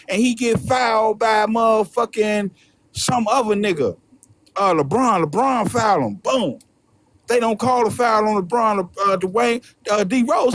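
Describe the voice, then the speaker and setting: A man's voice: high voice, normal speed, dry recording. A man hosting a show, delivering a heated, profane rant full of repetition. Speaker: host. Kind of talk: profane ranting commentary.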